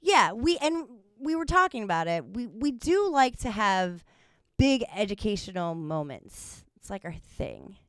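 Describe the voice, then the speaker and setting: Young woman co-host, loose giggly chatter, crisp voice, dry room. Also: medium pitch, sing-song, a little slow, a bit bright, dry recording. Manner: rambling, giggly, lots of fillers. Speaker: podcast co-host. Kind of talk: casual chat.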